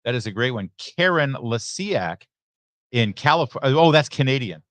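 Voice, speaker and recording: A man's voice: medium pitch, unhurried, no room sound. A middle-aged man hosts a live election night stream and reads out viewer messages. He is chatty and joking, with many asides. His voice sounds close and dry. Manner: chatty, joking asides, lively ups and downs. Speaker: host. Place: election watch party venue.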